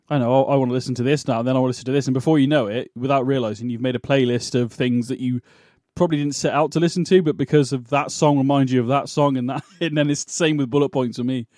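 A man's voice: mid-range voice, fairly even intonation, fast, darkish tone, dry recording, studio quality. British man, giggly and hesitant. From United Kingdom. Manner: laughs often, hesitant with many ums. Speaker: podcast co-host. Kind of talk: casual chat.

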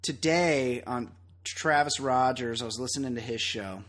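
A man's voice: medium pitch, normal speed, fairly bright tone. A man hosting a podcast, chatting casually and ranting bluntly with plenty of swearing. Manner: blunt, profane, opinionated ranting. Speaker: podcast host. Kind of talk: casual chat.

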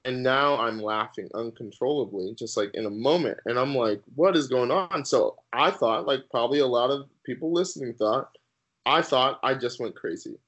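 A man guest on a podcast sharing his personal faith testimony in an earnest, halting way with many fillers. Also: mid-range voice, a bit bright, dull audio.

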